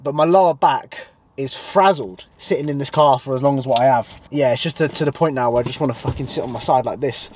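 Sweary bodybuilder vlogger. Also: male voice, medium pitch, steady tone, fast, a little mellow. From south of England. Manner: rambling, swears constantly, blokey banter. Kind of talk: casual road-trip vlog. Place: in a car, later a supermarket.

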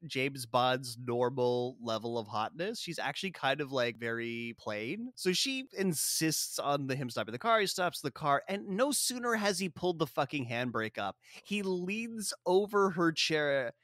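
A man's voice: mid-range voice, very animated, measured pace, few pauses, fairly bright tone, dry recording, studio quality. A man hosting a podcast, recapping a film in a casual, sarcastic and profane way. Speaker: podcast host.

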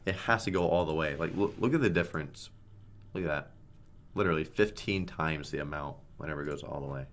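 A man streaming online slots, giving live commentary on each spin, swearing often and groaning or shouting at the results. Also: low voice, lively intonation, moderate pace.

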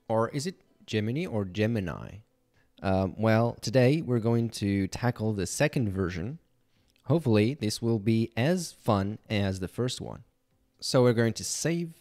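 Male tutorial host, low voice, unhurried delivery, talks through his screen step by step. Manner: thinking aloud, relaxed, with fillers. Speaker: channel host teaching penetration testing. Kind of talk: screen-recorded tutorial walkthrough.

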